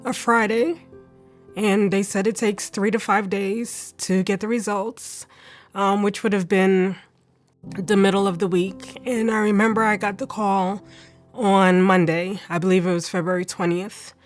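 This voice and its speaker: A woman's voice: mid-range voice, fairly even intonation, a little slow, faint music behind. A woman telling her own story in a casual personal testimony, talking conversationally with many fillers and restarts. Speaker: cancer survivor giving a testimony.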